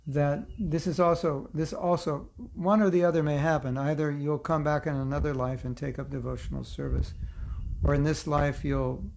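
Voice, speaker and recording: A man's voice: a little high, steady tone, normal speed, creaky, a little mellow, a little hiss or hum. A man teaching a casual online scripture class, reading passages aloud and breaking off into joking, chatty asides. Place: online class, seated in a chair.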